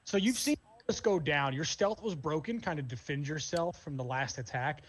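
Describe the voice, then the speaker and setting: A man's voice: on the high side, moderate pace, slight background noise. A man narrating as game master, describing the scene casually with many fillers.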